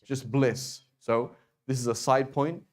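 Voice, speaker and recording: A man teaching a beginners' language class in an unhurried, conversational way. He restarts his sentences often and keeps checking in with the students. His pitch sits in the middle of the range. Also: steady tone. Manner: explains with many restarts and "right?" checks. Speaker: Arabic teacher. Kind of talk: classroom lesson.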